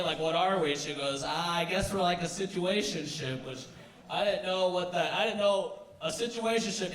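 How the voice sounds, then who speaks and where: A man's voice: a little high, a bit bright, roomy sound, recorded from a distance. A young man doing a stand-up comedy set, rambling and stumbling over his words, acting out his own and other people's lines. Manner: rambling, self-interrupting, acts out quotes.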